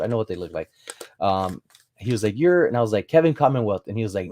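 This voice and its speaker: A man with a fairly low voice hosts a relaxed livestream. He wanders through stories, playing out both sides of remembered conversations, then breaks off to scroll through and answer viewer chat. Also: fairly quick. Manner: rambling anecdotes, acts out quoted exchanges. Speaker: livestream host.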